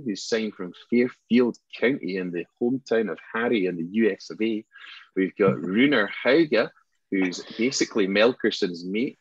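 A man doing a voice of an overexcited male TV transfer-news presenter, with hyped, drawn-out announcing. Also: fairly low pitch, breathy edge, pitched above the performer's own voice. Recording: dull lo-fi podcast audio.

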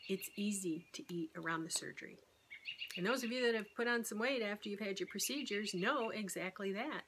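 A woman's voice: mid-range voice, brisk, fairly bright tone, slight background noise. A middle-aged woman talking candidly and rambling in a casual vlog about her weight-loss surgery. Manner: rambling, candid, self-deprecating.

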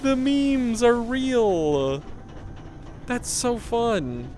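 A man giving casual, excitable commentary while playing a VR game at home, swearing casually and laughing often. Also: very high-pitched, extremely slow, a little hiss or hum. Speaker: gaming streamer. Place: home room, seated on the floor.

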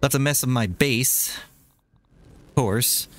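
A man giving let's play commentary on a survival game, swearing often and jumping to high shouts in frustration. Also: slow pace. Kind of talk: gameplay commentary. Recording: faint game music behind voice.

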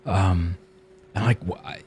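A man's voice: deep voice, measured pace, darkish tone, breathy edge. A man hosting a podcast, talking earnestly and confessionally as a father, with small acted quotes of others. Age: adult father of children. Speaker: podcast host. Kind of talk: casual podcast conversation.

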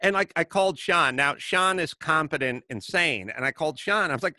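A middle-aged podcast host with a somewhat high voice talks fairly quickly, recorded dry with clean studio sound. He animatedly relates comic stories in a casual way, doing voices for each person involved.

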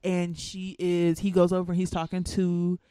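Animated casual man recapping a show. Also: high voice, moderate pace, smooth, dry recording. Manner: animated storytelling, acts out characters' lines. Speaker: podcast host recapping a TV episode.

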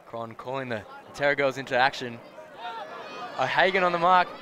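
A man's voice: medium pitch, normal speed, bright, forceful tone. A man calling live play-by-play at an outdoor game, rising sharply on big plays and joking between points. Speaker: sports commentator. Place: outdoor sports field sideline. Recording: crowd noise and outdoor ambience. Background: crowd and outdoor noise.

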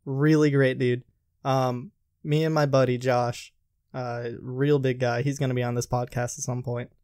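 A podcast host chats casually and rambles, cracking crude jokes. His mid-range voice is level and a little mellow at a moderate pace, recorded in studio quality with no room sound.

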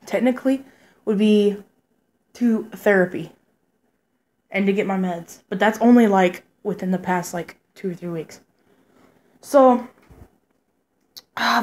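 A young woman telling a story casually at home, animated and swearing freely as she quotes people. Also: mid-range voice. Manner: animated, profane, quotes people in raised voices. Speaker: vlogger.

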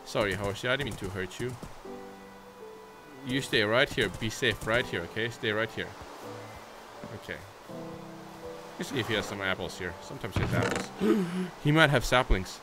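A man's voice: lowish voice, expressive, moderate pace, long pauses, music in the background. A young man narrating a Minecraft let's play, chatting playfully to his viewers and often breaking into squeals and baby talk. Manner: bursts into shrieks and baby talk at his horse. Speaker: gaming YouTuber.

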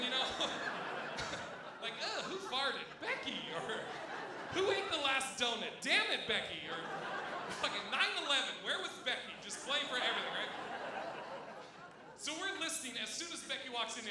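A man's voice: extremely high pitch, very noisy. A male stand-up comedian telling a profane story and talking straight to the audience at a comedy club. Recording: echoey live club sound from far off.

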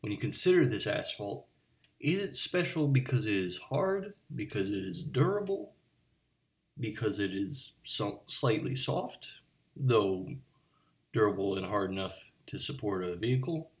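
A man's voice: on the low side, lively intonation, measured pace. A man voicing an eccentric, pedantic bartender in a comic monologue, rambling and digressive with chatty asides to the listener. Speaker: bartender character. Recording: voice a bit far from the mic.

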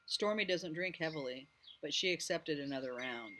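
Male audiobook reader, higher voice, bright and forceful, lively delivery. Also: moderate pace, few pauses, a little hiss or hum. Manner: lively, voices each character. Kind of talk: reading a novel aloud.

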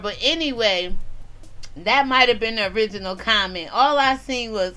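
A woman vlogger talking casually and profanely while responding to viewer comments, loud and animated, laughing at her own jokes. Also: on the high side, moderate pace, poor audio.

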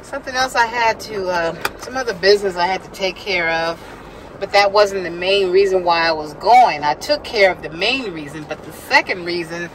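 Driving along, a woman vlogger chats with viewers, laughs often, talks to herself and at times gets out of breath. Her fairly low voice moves at normal speed, and the rough recording carries a little hiss or hum.

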